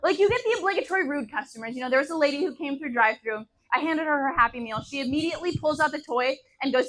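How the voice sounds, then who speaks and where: A young woman in her teens performing a stand-up set on a bar stage, telling deadpan stories that jump to loud punchlines. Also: high voice, quick pace, hardly any pauses, low-quality recording. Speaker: stand-up comedian.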